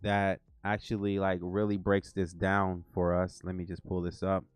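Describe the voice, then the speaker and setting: Low, smooth-voiced American man rambling casually. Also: monotone, normal speed, no echo, faint music behind. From United States. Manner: rambling, loose, slangy, with fillers and repeats. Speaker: livestream host. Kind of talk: casual livestream chat.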